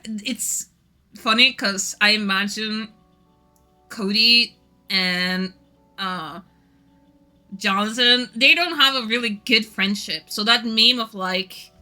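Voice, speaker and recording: A woman's voice: mid-range voice, slow pace, long pauses, pushed and bright, faint music behind. A Norwegian-speaking woman streaming casually, rambling and giggling often while chatting to viewers. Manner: giggly, rambling, self-deprecating.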